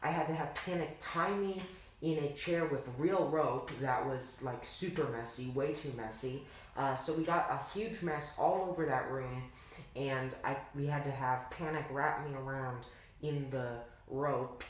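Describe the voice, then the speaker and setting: A man giving relaxed, self-critical commentary on his own amateur film. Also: mid-range voice, unhurried. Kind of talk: reflective voice-over commentary. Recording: very echoey room, far mic.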